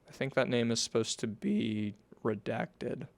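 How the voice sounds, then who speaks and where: A man's voice: mid-range voice, steady tone, unhurried, creaky, dry recording. A man reading a long document aloud to his viewers, stumbling, correcting himself and adding apologetic casual asides. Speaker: commentator reading a document on stream.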